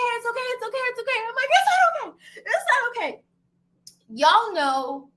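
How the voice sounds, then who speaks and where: A woman from Brooklyn, a homebuying educator, telling animated, slangy stories straight to her viewers. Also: sits high. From Brooklyn, New York. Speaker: homebuying educator and channel host. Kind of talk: casual storytelling to camera.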